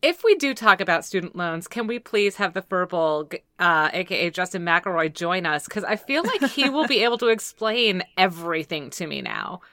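A woman co-hosting a podcast, chatting casually as an animated, joking storyteller. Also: fairly low pitch, moderate pace, hardly any pauses, no echo, clean studio sound. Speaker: podcast co-host. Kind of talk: casual chat.

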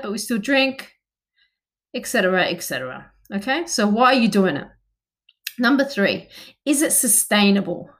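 Talking to camera, a woman in her thirties who works as a personal trainer chats directly with the listener about exercise motivation, asking questions as she goes. Her voice is mid-range and fairly bright.

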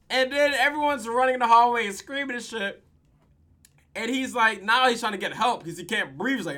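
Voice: medium pitch, fairly quick. A podcast host, casually and profanely recapping a TV episode with lots of laughter, tired late at night. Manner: profane, laughing, animated retelling.

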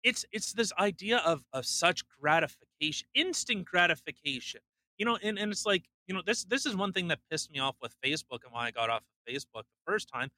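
A man co-hosts a casual podcast in a high, very bright voice, ranting bluntly with plenty of swearing. He slips into mocking impressions of other people. The sound is close and dry. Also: lively intonation, brisk, no echo. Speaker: podcast co-host; truck driver.

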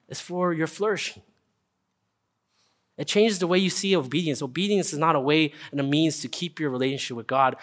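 A young man preaching a casual, earnest sermon, often checking in with listeners with a quick "right?". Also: fairly high pitch, fairly bright tone. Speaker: pastor. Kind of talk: conversational sermon.

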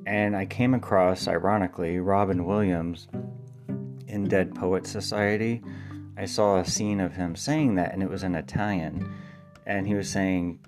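Deep-voiced man talking over guitar. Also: steady tone, unhurried. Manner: thinks aloud with ums, spells words letter by letter. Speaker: playwright and podcast host. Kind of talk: casual spoken monologue.

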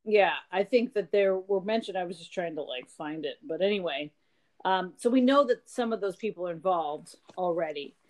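A woman's voice: on the low side, lively intonation, moderate pace. A woman in casual chat about a novel, chipping in details with many fillers and restarts. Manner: chatty, interjects and adds details, many fillers. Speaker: podcast co-host discussing a novel.

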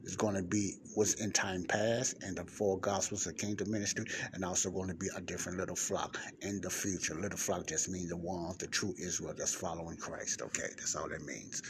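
A man's voice: sits low, fairly even intonation, brisk, few pauses. A man teaching the Bible in casual podcast form, reading from a book, then digressing to explain, repeating points and checking in with listeners with "okay?". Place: public library area with passing cars. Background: faint ambient noise.

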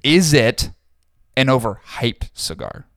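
A man's voice: mid-range voice, big pitch swings, takes it slowly, dry recording, clean studio sound. A man co-hosting a podcast, chatting casually and thinking aloud with restarts and the odd swear word. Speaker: podcast co-host. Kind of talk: casual chat.

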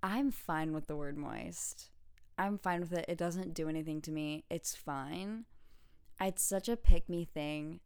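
A woman hosts a casual podcast rant and talks with exasperated emphasis. Her voice sits a little low. The recording is dry and close, with little room sound. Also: a little slow, a little mellow, smooth, no room sound. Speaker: podcast host; student.

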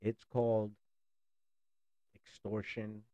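A man's voice: on the low side, completely flat delivery, takes it slowly, warm tone, no room sound, highs cut off. A man in a blunt, sarcastic ranting monologue who swears freely. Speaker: political commentator.

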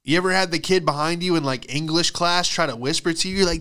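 A man's voice: a little high, fast, pushed and bright, clean tone. A young man giving a profane, rambling comedic monologue as a podcast host, acting out the voices of people in his stories.

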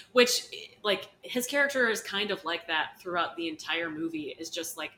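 A woman's voice: on the low side, lively intonation, measured pace, bright, forceful tone, low-quality recording. Chatty woman discussing films. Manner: chatty, filler-heavy, laughs often. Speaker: podcast co-host. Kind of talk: casual film discussion chat.

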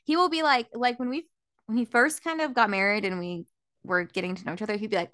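A young woman with a slightly high voice chats casually as a podcast co-host, self-deprecating and loose with fillers. The sound is dry and close. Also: fairly even intonation, fast talker, a bit bright, dry recording. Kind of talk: casual chat.

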